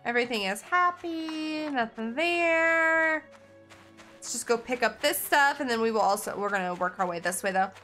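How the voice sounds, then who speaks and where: A woman's voice: fairly high pitch, lively intonation, normal speed, sharp tone, faint music behind. A young woman casually talking through a game as she plays, thinking aloud and chatting to viewers. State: has the hiccups. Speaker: gaming channel host. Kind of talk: casual gameplay commentary.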